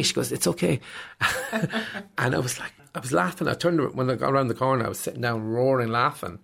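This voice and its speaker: Gravelly Irish man in his fifties. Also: mid-range voice, quick pace. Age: 50s. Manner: animated storyteller acting out voices. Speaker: stand-up comedian guest. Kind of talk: casual interview chat.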